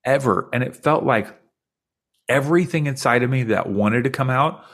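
A man in his forties, a podcast guest, earnestly and reflectively recounting a deeply personal experience in conversation. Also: normal speed, fairly bright tone.

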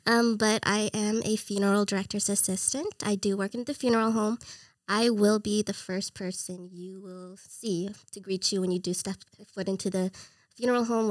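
A woman's voice: mid-range voice, dry recording. Woman in her 30s guesting on a podcast, explains her funeral home job plainly, friendly, dry close sound. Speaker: funeral director's assistant, guest. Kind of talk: casual interview.

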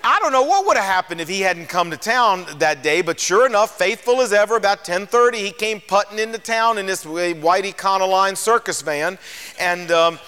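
Older guy preaching, telling his story all animated, high voice that jumps around a lot. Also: moderate pace, smooth, long reverb tail. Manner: animated storyteller, acts out dialogue. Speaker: radio preacher. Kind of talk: sermon testimony storytelling.

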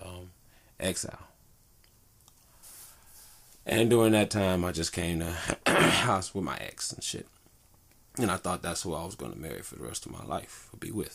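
A man's voice: sits low, gravelly, a bit bright, breathy edge. A man talking in a rambling, laid-back and profane way in a casual solo monologue, speaking as a father into a good microphone.

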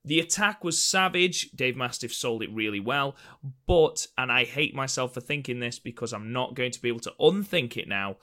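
Bright-voiced chatty podcast man. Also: medium pitch, animated, moderate pace. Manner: chatty, jokey, swears casually. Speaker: podcast co-host. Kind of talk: casual wrestling review chat.

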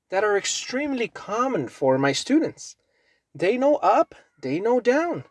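A man teaching English on his podcast, speaking slowly and patiently as he repeats key words for listeners. His voice sits a bit high and swings widely in pitch. The sound is dry and close. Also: a little mellow, no room sound. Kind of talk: podcast language lesson.

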